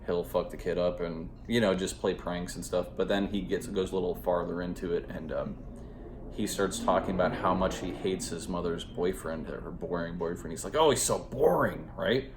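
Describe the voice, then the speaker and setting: Casting: man with a very low voice, loose, rambling and profane movie review, recorded in an echoey room. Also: little pitch movement, moderate pace, background noise. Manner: rambling and profane, heavy on fillers. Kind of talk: casual spoken movie review.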